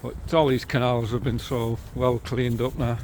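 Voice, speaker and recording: A middle-aged local man from St Helens, England, cheerfully guides a walk along canals and an old railway line, filming outdoors on a handheld camera. His voice is medium-pitched and fairly flat, with a darkish tone and a moderate pace, and a little hiss or hum can be heard. He chats easily, sounding upbeat about the local sights.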